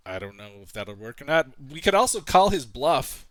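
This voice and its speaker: A man's voice: on the high side, sing-song, normal speed, fairly bright tone. A man playing in a tabletop game, laid-back in casual chat. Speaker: player.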